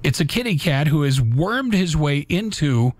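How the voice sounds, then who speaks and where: A man's voice: fairly high pitch, big pitch swings, moderate pace, no echo. A man hosting a live radio talk show, reading holiday memes aloud in a folksy, casual way with little asides.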